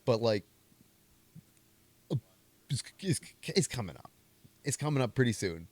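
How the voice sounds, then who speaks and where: A man's voice: mid-range voice, expressive, unhurried, darkish tone. A young man hosting a comedy movie podcast, rambling and joking in a self-mocking way. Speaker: podcast host. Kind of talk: casual movie commentary.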